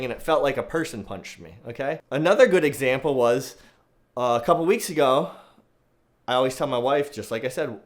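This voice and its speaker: A man vlogging casually to the camera as a dog owner, telling a story in a chatty way and sometimes talking softly to his dog. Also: mid-range voice. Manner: chatty storytelling, soft baby-talk to the dog.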